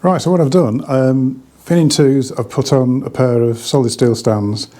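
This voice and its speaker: A man's voice: mid-range voice, steady tone, moderate pace, dark tone. A man giving a casual, rambling hi-fi product review, slightly out of breath, with many restarts.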